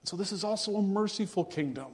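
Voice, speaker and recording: A man preaching a sermon to his congregation, earnest and measured, drawing out words for emphasis. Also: sits high, husky, long reverb tail. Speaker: pastor.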